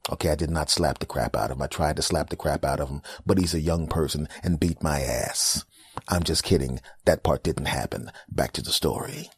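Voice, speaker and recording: A man's voice: very deep voice, brisk, breathy edge, no room sound. A man hosting a comedy podcast, telling stories in a ranting, self-deprecating monologue. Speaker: podcast host.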